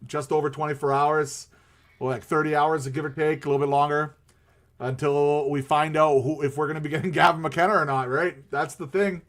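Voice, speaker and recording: A man's voice: fairly high pitch, fairly even intonation, fairly quick, a bit bright. A man hosting a live stream, chatting casually about hockey in a rambling way with many fillers and restarts.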